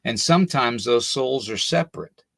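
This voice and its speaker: A man's voice: medium pitch, lively intonation, moderate pace, vocal fry, a bit bright, no echo. An older man hosting a paranormal podcast livestream, tired and a little out of breath, chatting loosely and greeting viewers by name. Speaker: podcast host. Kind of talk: casual livestream talk.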